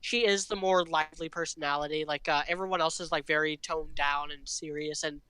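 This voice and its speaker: A man's voice: on the high side, fairly even intonation, a little fast, sharp tone, clear, resonant tone, dry recording, low-quality recording. A man co-hosting a podcast over an online call, chatting casually and starting sentences over as he thinks. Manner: hesitant, restarts often. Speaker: podcast co-host.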